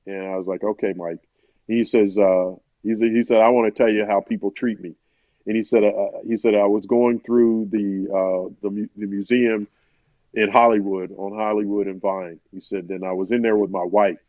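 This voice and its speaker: A man's voice: on the low side, level tone, normal speed, no room sound. A man, a sportswriter, telling an interview story in a rambling conversational way, often restarting and quoting others. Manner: rambling, many restarts, quotes others in his own voice. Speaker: sportswriter guest. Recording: dull, dry podcast audio.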